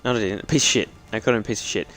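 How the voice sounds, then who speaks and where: A man's voice: on the low side, rapid-fire. A man streaming a game, chatting casually, rambling with lots of fillers and swearing freely. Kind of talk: casual gaming chat. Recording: loud game noise behind voice.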